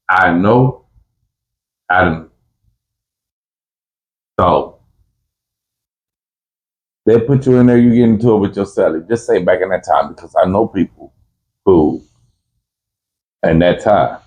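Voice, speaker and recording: A man's voice: sits low, slow, pauses often, low-quality recording. A man telling prison stories in casual talk, full of street slang and restarts, who acts out both sides of a fight in a raised voice. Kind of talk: casual storytelling.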